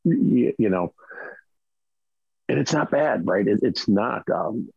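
A man's voice: lowish voice, expressive, a little slow, vocal fry, a little mellow, slightly rough, dry recording, highs cut off. A middle-aged man in casual chat, rambling with restarts and frequent "right?" asides. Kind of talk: casual chat about rifle optics.

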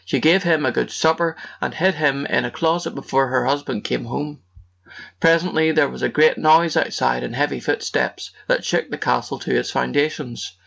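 A man tells a fairy tale in scripted storybook narration with a gravelly texture and mid-range pitch. His delivery is measured and rhythmic. The recording sounds dull and lo-fi. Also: fairly bright tone.

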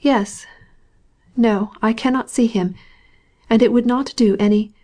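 A woman's voice: a little high, steady tone. A woman voicing an agitated young wife. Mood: urgent. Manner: hushed, halting and urgent.

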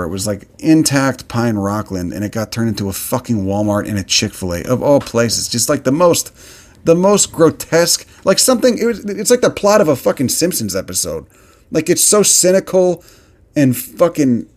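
On a casual solo podcast, a man with a mid-range, slightly mellow voice goes on a fired-up, foul-mouthed rant about a plant sitting in front of him.

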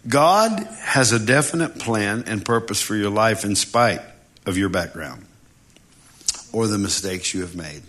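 Guy preaching, bright voice, jokey and animated, does little voices. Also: lowish voice, unhurried. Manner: animated, humorous, acts out voices. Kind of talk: sermon.

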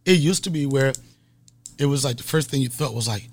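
A middle-aged man hosting a podcast, telling a profane comic story in an animated way and acting out scenes with mock gasps. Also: medium pitch, brisk. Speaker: podcast host and comedian.

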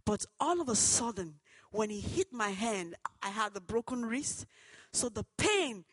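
A woman's voice: fairly high pitch, sing-song, a little slow, husky, dry recording, low-quality recording. Fervent woman giving a church testimony. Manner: earnest, swings from hushed to loud and fervent. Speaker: testimony speaker. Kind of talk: personal testimony with preaching.

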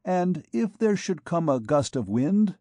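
A man's voice: a little high, sing-song, unhurried, warm tone, dry recording, voice pushed up. A bewildered young poet, as a male reader acts him out, pleading and protesting in a raised, anxious voice. This storybook reading is close and dry.

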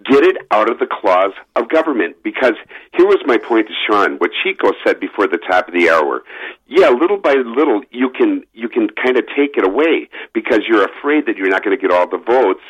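A man calling in to a talk radio show, talking in an animated, emphatic way over a phone line. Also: fairly low pitch, brisk, husky. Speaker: caller. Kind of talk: political call-in radio talk.

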